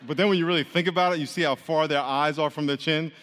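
A man preaching a sermon to his congregation in a casual, conversational way, joking with the crowd and swinging between quiet and loud. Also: fairly high pitch, fairly even intonation, fast, slight background noise. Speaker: pastor. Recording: long hall reverb.

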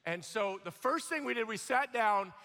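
Long hall reverb surrounds a middle-aged preacher as he recounts his story in a sermon. He speaks in a high register at a moderate pace, breaking into animated quoted voices and stumbling through restarts.

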